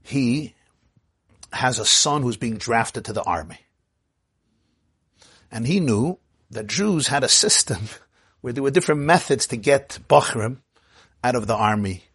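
Husky-voiced rabbi telling a story. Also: male voice, mid-range voice, measured pace, long pauses, no echo, studio quality. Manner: animated, acts out quotes, swings from murmurs to exclamations. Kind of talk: sermon storytelling.

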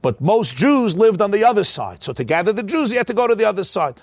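A man's voice: high voice, big pitch swings, quick pace, no room sound. A man giving a Torah study lecture, walking through a text with rhetorical questions. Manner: explains by posing rhetorical questions. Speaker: Torah teacher.

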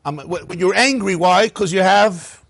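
A man teaching a lively Torah class, asking rhetorical questions and chuckling at his own points. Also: high-pitched, normal speed, gravelly, dry recording.

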